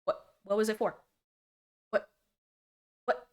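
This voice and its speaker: A young woman in her twenties streaming a casual reaction, talking in an animated and sarcastic way and laughing often. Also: slow.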